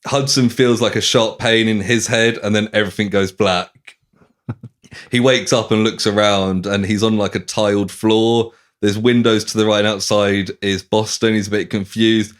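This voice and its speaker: A podcast host with a lowish voice at normal speed casually retells a novel's plot in casual chat. He's animated, acting out the characters' lines with swearing and laughs.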